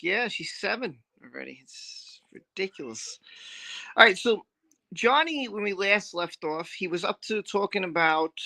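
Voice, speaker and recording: A woman's voice: lowish voice, bright, forceful tone. A middle-aged woman hosting a live stream in casual chat, greeting viewers by name in a chatty, scattered way.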